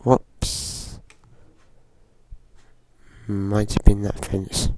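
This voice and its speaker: A man with a groggy voice from a cold, giving slow, hesitant casual commentary while playing a driving game. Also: on the low side, little pitch movement, noisy background. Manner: slow, hesitant, with frequent fillers. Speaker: gaming channel host.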